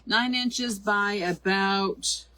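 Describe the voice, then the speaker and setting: A hoarse middle-aged woman hosts a live craft tutorial, chatting and greeting viewers by name. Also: medium pitch, extremely slow, sharp tone. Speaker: craft show host.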